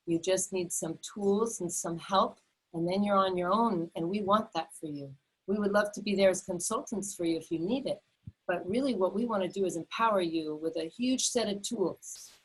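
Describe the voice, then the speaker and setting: Husky-voiced middle-aged woman teaching online. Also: lowish voice, rough recording. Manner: earnest, repetitive, many fillers and restarts. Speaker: health educator. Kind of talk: enthusiastic webinar talk.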